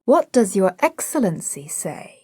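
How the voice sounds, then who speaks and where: A woman's voice: mid-range voice, very animated, measured pace, mellow, husky, no echo, studio quality. Woman voicing a gloomy, contemptuous professor. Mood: morose. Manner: morose, curt replies. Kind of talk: audiobook drama reading.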